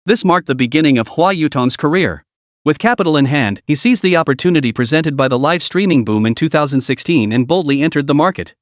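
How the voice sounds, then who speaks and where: Guy narrating a comic story, dramatic, pitch jumps around a lot, dry close sound. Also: expressive, brisk, no echo.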